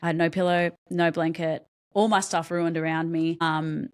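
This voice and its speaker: A young adult woman speaking as a podcast guest, telling her own story in a lowish voice. She talks candidly and haltingly, stopping to restart her sentences and filling pauses with ums. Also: little pitch movement, a little mellow, smooth. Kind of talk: personal story told in an interview.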